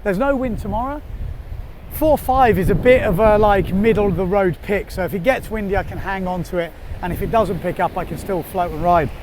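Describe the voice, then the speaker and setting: A man giving casual, excitable running commentary while windsurfing outdoors on the sea, laughing often. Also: sits high. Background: wind noise.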